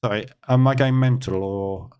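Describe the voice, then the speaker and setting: A man's voice: medium pitch, normal speed, darkish tone, clear, resonant tone. A man hosting a live trading stream, giving casual market commentary and thinking aloud with many fillers and asides.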